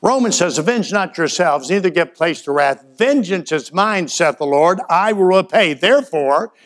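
A man with a somewhat high voice gives a folksy sermon in church, acting out brief back-and-forth dialogues. His intonation is lively and his pace moderate, and his volume shifts from loud to quiet as he goes.

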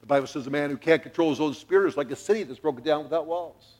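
A man's voice: on the high side, racing. A middle-aged man preaching a sermon in a church, telling a family story with jokes and acting out the quotes. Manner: animated, jokey, acts out quotes. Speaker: pastor.

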